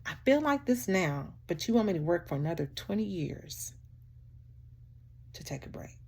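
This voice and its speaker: A woman vlogger giving a heartfelt motivational talk to camera, animated and preachy, often laughing and calling the listener "child" and "baby". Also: on the low side, moderate pace, gravelly, a little hiss or hum.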